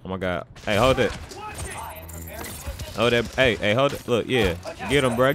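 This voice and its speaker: A man giving loud, excitable commentary while playing a video game, trash-talking the characters on screen. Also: on the low side, normal speed, noisy background. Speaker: gameplay commentator. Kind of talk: casual let's-play commentary.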